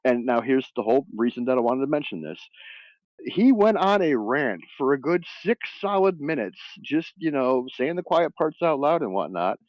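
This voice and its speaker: Animated man telling stories over a dull, dry mic. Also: mid-range voice, normal speed, no echo. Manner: animated storytelling with mocking impressions and frequent laughter. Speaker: stream host. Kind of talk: casual chat.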